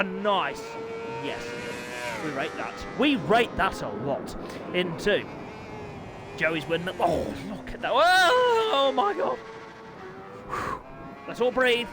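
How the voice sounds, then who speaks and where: A middle-aged man, hosting and commentating a motorbike racing game live, excitable and quick to break into shouts and laughter. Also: a little high. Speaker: gaming channel host and race commentator.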